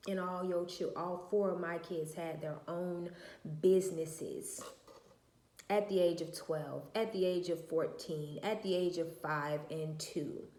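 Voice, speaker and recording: A woman's voice: on the low side, fairly even intonation, unhurried, dark tone, roomy sound. A woman, a mother of four, telling her story in a casual vlog in a blunt, emphatic way and swearing freely.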